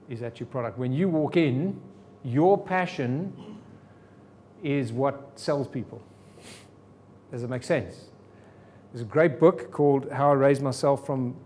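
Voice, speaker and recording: A man's voice: mid-range voice, a little mellow, slight background noise. A man teaching a sales seminar to a live audience, firing rhetorical questions at the room. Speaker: sales trainer.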